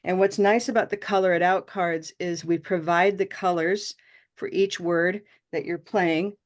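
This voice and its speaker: A woman leads an online pronunciation class, speaking through a video call mic. She praises her students warmly and stretches out vowel sounds so they can copy them. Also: fairly low pitch, steady tone. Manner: encouraging, models vowel sounds slowly. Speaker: pronunciation teacher.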